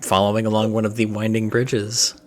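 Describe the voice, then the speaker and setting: A man running a tabletop game as game master, narrating scenes calmly for a live stream. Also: fairly low pitch, brisk.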